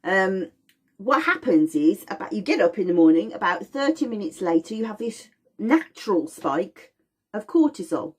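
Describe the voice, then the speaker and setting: A woman's voice: mid-range voice, sing-song, moderate pace, slightly rough. A middle-aged woman teaching about aromatherapy in an informal, explanatory way, acting out little voices and sounds as she goes.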